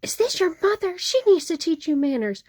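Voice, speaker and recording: A woman voicing a rude, drunk middle-aged woman customer who scolds in a shrill way. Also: very animated, moderate pace, darkish tone, no echo, clean studio sound. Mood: scolding.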